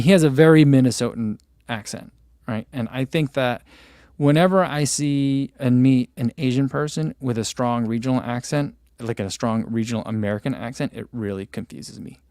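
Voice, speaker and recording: A man from New Jersey hosts a casual running livestream, reading viewer comments aloud and rambling through his answers with plenty of fillers and restarts. His voice sits at an ordinary pitch. It is recorded close and dry. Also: normal speed, a little mellow, clean tone, no room sound. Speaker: running channel host.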